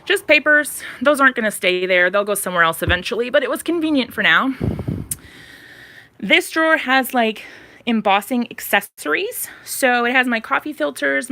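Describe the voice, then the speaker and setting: A woman's voice: a little high, pushed and bright. A woman, chatting on a live stream as she tours her home craft room, slightly out of breath and rambling with fillers. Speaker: craft channel host.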